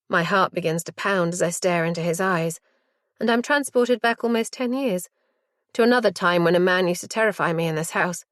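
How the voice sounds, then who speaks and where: A woman narrating a first-person thriller audiobook in a measured, hushed delivery. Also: on the low side, no echo, clean studio sound.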